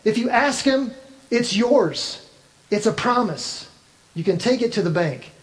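A man's voice: very high-pitched, animated, measured pace, rough recording. A man preaching a sermon as pastor, speaking earnestly and directly to his congregation.

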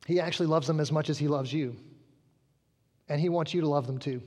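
High-voiced preacher man in a big hall. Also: fairly quick, darkish tone. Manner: conversational storytelling, acting out quotes. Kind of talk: sermon.

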